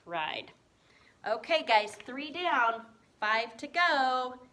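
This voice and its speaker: A woman's voice: high voice, sing-song, extremely slow, pushed and bright. A woman teaching a reading lesson to first graders, spelling words letter by letter in a patient, encouraging way. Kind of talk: remote reading lesson for young children.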